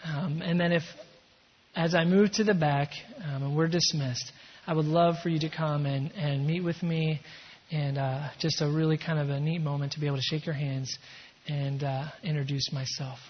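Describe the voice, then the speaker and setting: Male pastor, high husky voice, emphatic sermon delivery, echoing church hall, dull sound. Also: moderate pace. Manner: emphatic preaching with shifts between energy and hushed calm. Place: church sanctuary.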